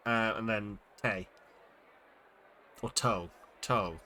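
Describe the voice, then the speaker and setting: Bright-voiced man sounding out Japanese words. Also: fairly low pitch, extremely slow, a little hiss or hum. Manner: thinks aloud, sounding out words with many fillers. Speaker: streamer. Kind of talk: casual live-stream chat while reading Japanese.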